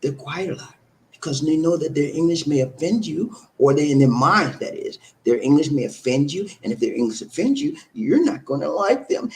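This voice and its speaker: A man's voice: on the high side, expressive, normal speed, a little mellow, low-quality recording. A man living abroad, talking casually to viewers, emphatic and repetitive, often checking in with "okay?" and "huh?". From from abroad, living in the Philippines. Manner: emphatic, repeats words, asks "okay?" and "huh?". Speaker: vlogger addressing viewers. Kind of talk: casual talking-to-camera advice.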